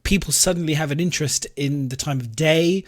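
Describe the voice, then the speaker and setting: A man's voice: a little high, fairly quick. A man with a London accent hosting a casual podcast chat, rambling and acting out imagined remarks. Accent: London English. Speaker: podcast host.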